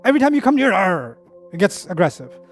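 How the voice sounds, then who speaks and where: A man giving a religious lecture, animated and conversational, using analogies and asides and reciting Quranic Arabic verses rapidly. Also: very high-pitched, soft background music. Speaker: Islamic lecturer.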